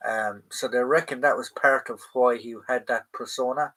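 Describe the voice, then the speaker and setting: A man's voice: medium pitch, steady tone, normal speed, pushed and bright, low-quality recording. A man hosting a live stream, chatting casually and answering viewers with many fillers and restarts.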